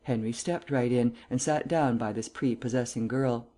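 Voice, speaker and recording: A man reading an audiobook aloud in measured, unhurried scripted narration. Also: mid-range voice, mellow.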